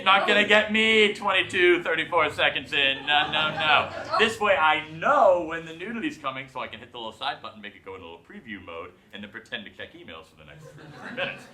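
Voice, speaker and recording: A man hosting a live late-night show, giving a self-deprecating stand-up monologue and acting out voices. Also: mid-range voice. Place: live theater with audience. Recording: echoey live theater.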